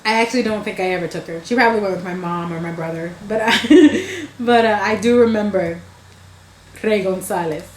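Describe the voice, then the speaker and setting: A woman's voice: mid-range voice, lively intonation, fairly quick, reverberant. Woman telling a rambling family story. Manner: meandering, self-interrupting, amused. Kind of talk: casual storytelling.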